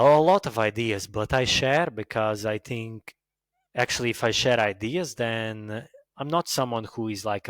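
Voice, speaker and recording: A man from Latvia with a Latvian accent, hosting a podcast in a halting, self-mocking casual monologue full of fillers. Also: medium pitch, fairly bright tone, no room sound. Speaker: podcast host.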